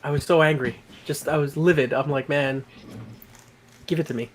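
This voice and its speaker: A man from Quebec chatting over a video call, his voice slightly high for a man. He talks in an animated way and often trails off mid-sentence. A faint hiss runs under the line. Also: moderate pace. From Quebec, Canada. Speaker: guest on a livestream. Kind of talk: casual group chat.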